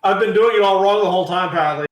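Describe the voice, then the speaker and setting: A man playing a tabletop game, easygoing and casual as he counts out his moves. His voice is slightly high, with a roomy echo. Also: rapid-fire. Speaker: player.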